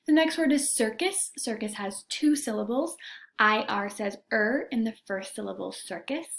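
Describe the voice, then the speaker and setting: A woman teacher giving a recorded reading lesson to young students, sounding out letters and vowel sounds with slow, careful diction. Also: on the high side, creaky.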